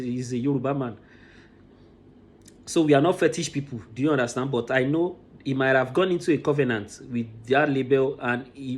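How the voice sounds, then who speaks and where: Impassioned man commenting. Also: medium pitch. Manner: emotional, repeats words as he restarts.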